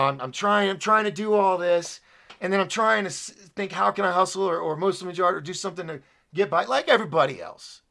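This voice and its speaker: Man, live show host, gravelly, bright edgy tone, frustrated rambling. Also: sits high. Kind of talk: solo live-stream talk.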